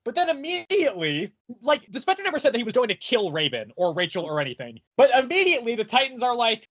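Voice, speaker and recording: A man's voice: high voice, fast talker, lo-fi sound. A man co-hosting a comics podcast, ranting animatedly and swearing as he acts out quotes in casual chat. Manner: animated, profane, rants with acted-out quotes. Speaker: podcast co-host reviewing comics.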